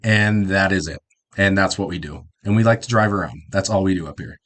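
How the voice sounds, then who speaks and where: A man's voice: sits low, fairly quick, a bit bright. A young man with a Midwestern American accent, hosting a reaction video and chatting in a loose, rambling way. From South Dakota, US Midwest. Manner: rambling, informal, self-correcting. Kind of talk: casual commentary.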